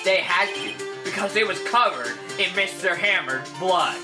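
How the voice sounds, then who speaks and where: A woman's voice: on the low side, lively intonation, moderate pace, distant mic, pitched below the performer's own voice, close to an everyday voice. A woman reading the part of an earnest young male defense lawyer, steadily laying out his reasoning. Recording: echoey room with game music.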